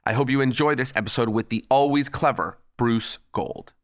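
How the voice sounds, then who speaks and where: A man hosting a podcast, upbeat and chatty, with a somewhat squeaky voice. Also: moderate pace, loud music behind the voice. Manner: enthusiastic and chatty. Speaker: podcast host. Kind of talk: casual interview hosting.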